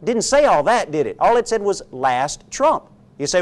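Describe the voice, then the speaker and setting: A man's voice: high-pitched, very animated, moderate pace. A man pastor delivering a sermon, emphatic and rhetorical, often checking in with the congregation. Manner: emphatic, rhetorical, frequent "okay?" check-ins.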